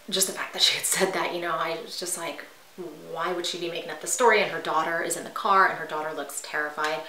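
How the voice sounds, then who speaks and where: A woman vlogger telling a personal story in casual storytime style, animated and dramatic, dropping to hushed asides. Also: low-pitched, reverberant, low-quality recording.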